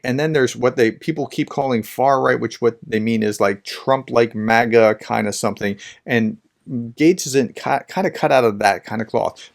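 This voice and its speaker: A man's voice: mid-range voice, vocal fry. A man giving casual, rambling political commentary between clips, often restarting his sentences.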